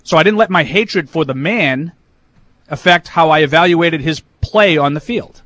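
A man's voice: on the high side, normal speed, fairly bright tone, no room sound. A man co-hosting a casual sports talk show, opinionated and argumentative, with lots of fillers. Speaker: sports radio co-host.

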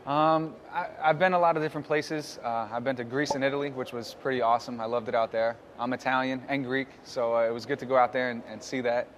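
A young man with a New York accent, a football player answering interview questions in a relaxed, rambling way with lots of fillers. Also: medium pitch, fast talker, hardly any pauses, background noise. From New York City.

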